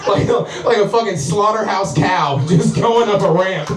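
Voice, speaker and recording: A man's voice: sits high, normal speed, far from the mic, heavy background noise. A man performing a stand-up comedy set, rambling and profane, often laughing through his lines. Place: house comedy show, indoors. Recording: roomy live venue, mic from afar.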